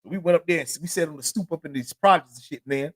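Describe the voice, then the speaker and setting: A middle-aged man, hosting a solo podcast and telling stories from his youth. His delivery rambles and loops through constant filler phrases, and it is loose and profane. He speaks in a somewhat high register for a man. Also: racing, fairly bright tone. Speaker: podcast host. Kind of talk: solo storytelling monologue.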